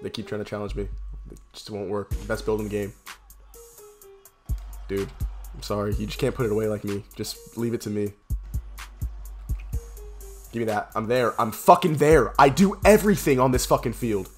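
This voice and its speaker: A young man giving excitable, profane gameplay commentary, swinging between loud hype yells and low muttering. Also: moderate pace, long pauses, soft background music. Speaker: gaming YouTuber.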